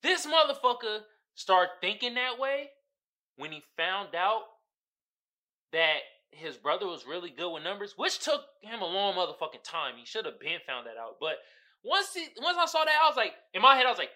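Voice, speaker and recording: A man hosting a casual podcast, telling a story in a profane, slangy way. His voice is very bright and sharp, and his pitch swings all over the place. He laughs often and acts out the people in the story. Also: very animated, moderate pace. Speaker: podcast host. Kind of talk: casual comedic podcast monologue.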